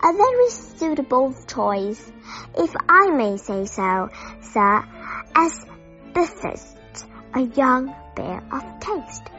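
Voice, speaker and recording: A woman's voice: high-pitched, big pitch swings, slow, heavily acted. A woman voicing a fussy, overly polite male shop assistant in a storybook reading. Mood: formal. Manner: bright, formal and ingratiating. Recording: dull audio with faint music.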